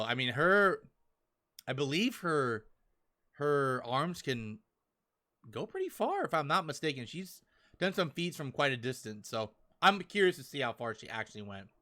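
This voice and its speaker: A young man hosting a podcast, chatting casually and excitedly as he talks through a manga chapter, often acting out characters' lines. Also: fairly high pitch. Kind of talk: casual chat.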